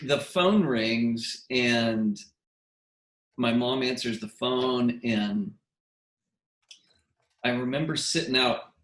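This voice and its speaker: A man's voice: medium pitch, extremely slow, long pauses. Man telling stories in an echoey room. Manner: animated, acts out quotes, frequent restarts. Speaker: guest musician. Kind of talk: casual interview storytelling.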